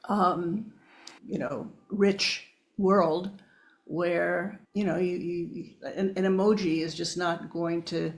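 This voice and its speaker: A woman's voice: lowish voice, fairly even intonation, takes it slowly. A woman speaking as an interview guest, explaining research in an emphatic, conversational way and sometimes addressing listeners directly. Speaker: guest neuroscientist.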